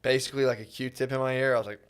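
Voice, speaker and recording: A man's voice: medium pitch, fairly even intonation, racing, clean tone. A man co-hosting a comedy podcast, chatting in a laid-back, profane way and often calling people dude. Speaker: podcast co-host. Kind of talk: casual comedic chat.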